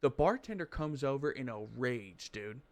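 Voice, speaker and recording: A man's voice: medium pitch, sing-song, moderate pace, no echo. A man co-hosting a podcast, telling a long rambling story in casual chat, swearing and restarting as he goes. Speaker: podcast co-host.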